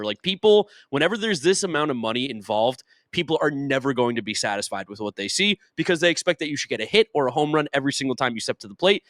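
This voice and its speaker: A young man, co-hosting a podcast and reacting with animated emphasis. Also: a little high, quick pace, few pauses, no room sound. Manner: animated, swings between emphatic and dry. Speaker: podcast co-host. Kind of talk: casual sports talk.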